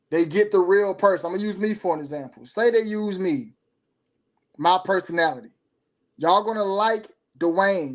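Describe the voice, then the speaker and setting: A man with a notably high-pitched voice hosts a casual livestream and answers viewer comments as they come in. He gives blunt opinions, jumps between rapid bursts and slow, drawn-out words, and keeps the delivery loose and conversational. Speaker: livestream host.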